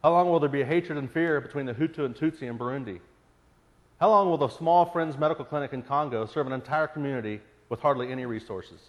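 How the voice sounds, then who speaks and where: A man's voice: medium pitch, fast. A man preaching a sermon in an earnest voice that presses into pleading questions. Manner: earnest, rising to pleading intensity on repeated questions. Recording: long hall reverb.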